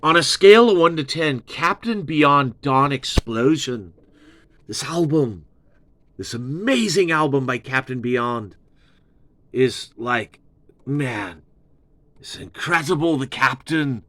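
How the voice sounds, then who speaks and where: A man's voice: medium pitch, expressive, slow, pushed and bright, dry recording. A man hosting a casual album review, gushing and swearing, repeating his praise over and over. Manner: gushing, profane, repeats himself. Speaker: music reviewer, show host.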